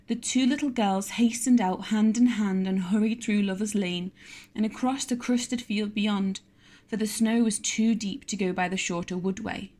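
A woman narrating a classic novel as an audiobook, in a clear, measured storytelling voice. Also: mid-range voice, steady tone, warm tone.

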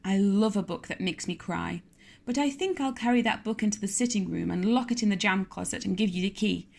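An imaginative young girl talks eagerly and a little grandly, full of cheerful confidence. The voice stays close to the reader's own natural tone, as a woman narrator plays her. She sounds quick-witted and fond of drama. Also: mid-range voice, vocal fry, a little mellow.

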